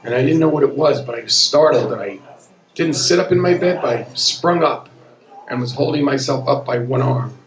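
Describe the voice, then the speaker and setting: A man in his fifties tells a personal story live on stage in a pub room at a storytelling event, earnest and conversational with a wry edge. His medium-pitched voice moves at normal speed, and the echoey room carries crowd noise and audience murmur.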